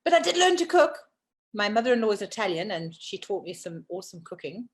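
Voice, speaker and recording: A woman's voice: sing-song, a little fast. A middle-aged woman co-hosting a casual talk show, chatting and telling stories. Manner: chatty storyteller, doing squeaky voices for animals in a joke. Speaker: co-host. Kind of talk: casual chat.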